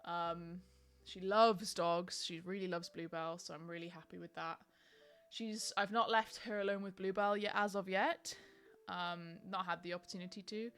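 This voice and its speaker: A woman's voice: on the low side, steady tone, moderate pace, fairly bright tone, clean tone. A young woman chatting casually on a live stream, rambling with lots of ums and likes.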